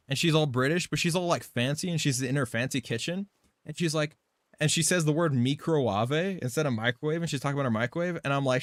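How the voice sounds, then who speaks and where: A man's voice: on the high side, no room sound, studio quality. A man live streaming a game, chatting casually in a loose, rambling way, swearing and laughing often.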